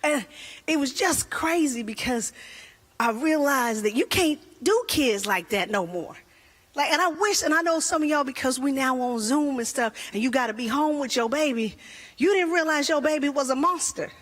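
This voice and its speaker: High-voiced woman doing stand-up. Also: normal speed. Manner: animated storytelling with voices. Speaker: stand-up comedian. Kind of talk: stand-up comedy routine.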